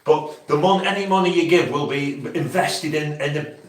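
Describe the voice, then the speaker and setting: A man with a Cheshire accent hosts a casual live stream, chatting and joking and laughing often. His voice sits fairly high. He is picked up from some way off in an echoey room. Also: moderate pace, a crowd in the background. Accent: Cheshire, near Macclesfield. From Cheshire, England. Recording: echoey room, mic far off.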